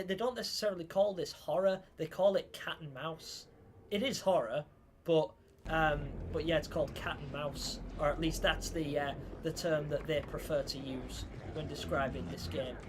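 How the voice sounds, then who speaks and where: A man rambles casually through a game livestream, answering chat as he plays. His voice sits a touch high, with a faint hiss of noise behind it. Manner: chatty, rambling, reading chat aloud. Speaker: streamer.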